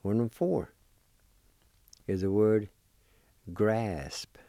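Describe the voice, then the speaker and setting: A man gives a patient vocabulary lesson, spelling each word letter by letter and saying it slowly. His voice sits a bit low, with a warm, mellow tone. The recording is close and dry. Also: no echo. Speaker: language teacher. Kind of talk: slow spelling and pronunciation lesson.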